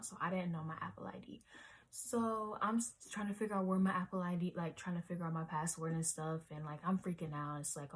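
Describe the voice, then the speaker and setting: This twenty-something vlogger's voice sits low and sounds husky as she wanders through her storytime story. She leans on "like" and "um" constantly and occasionally whispers.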